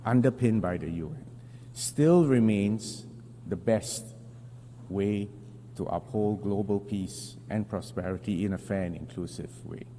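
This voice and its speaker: A man, a foreign minister, delivers a formal speech at an international assembly in a measured, deliberate way, pausing for emphasis and correcting small slips. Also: low voice, dark tone. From Singapore. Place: large assembly hall. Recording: long hall reverb with faint hum.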